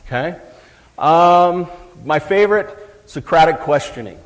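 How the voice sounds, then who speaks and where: Long reverb fills the large hall where a middle-aged psychologist talks about parenting at a live event. His voice runs on the high side, animated yet measured in pace, as he chats and jokes with the audience.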